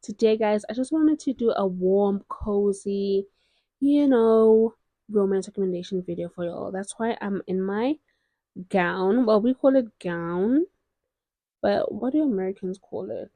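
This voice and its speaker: South african lady gushing about sad books, expressive and dramatic, mellow tone, dry sound. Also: mid-range voice, measured pace, no echo. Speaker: book reviewer. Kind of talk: casual chat. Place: at home, in a gown.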